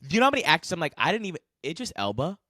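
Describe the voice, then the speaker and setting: Brief: lively young male co-host, bright tone, dry close mic. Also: fairly high pitch, rapid-fire, dry recording. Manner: animated, opinionated, rambling. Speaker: podcast co-host. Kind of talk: casual chat.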